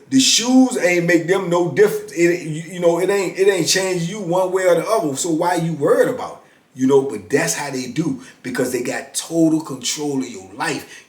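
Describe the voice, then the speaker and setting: A middle-aged man casually telling a story from his past, speaking colloquially and acting out what others said. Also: fairly high pitch. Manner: animated, colloquial, acts out others' lines. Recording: roomy echo.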